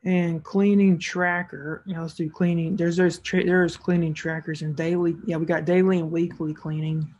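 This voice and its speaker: A woman's voice: fairly low pitch, flat delivery, normal speed, hardly any pauses, darkish tone, muffled recording. A woman narrating a screen-recorded tutorial as an online seller, casual and thinking aloud as she clicks through each step.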